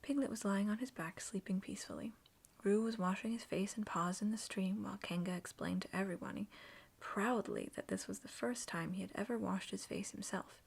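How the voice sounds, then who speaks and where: A woman reading a children's story aloud in soft, slow whispered role-play. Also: mid-range voice, vocal fry, husky.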